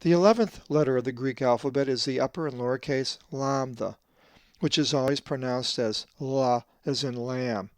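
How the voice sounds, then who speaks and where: A man who translates the Bible, giving a scripted lesson on Greek pronunciation and slowly drawing out each example word. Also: medium pitch, no echo, studio quality. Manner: methodical, drawn-out slow stress on Greek words.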